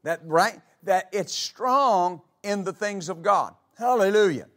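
Male pastor, high voice, preaching a church sermon with rhetorical questions. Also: slow, pushed and bright. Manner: preaching with rhetorical questions, reading scripture aloud.

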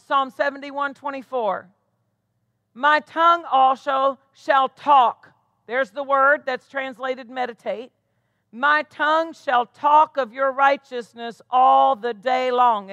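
A woman pastor with an American accent preaching a sermon, repeating phrases for emphasis and slowing down to stress the scripture she reads. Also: high voice, fairly bright tone, no echo.

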